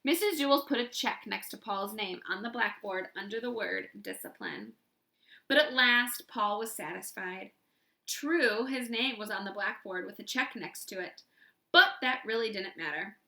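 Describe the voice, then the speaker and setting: A woman reading a children's chapter book aloud with expression, pausing to ask listeners questions. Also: medium pitch, gravelly, bright, forceful tone, reverberant. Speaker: storyteller.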